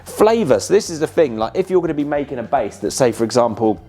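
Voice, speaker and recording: A young man, a chef explaining recipes in a chatty, animated way and swearing casually. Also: mid-range voice, fast, soft background music.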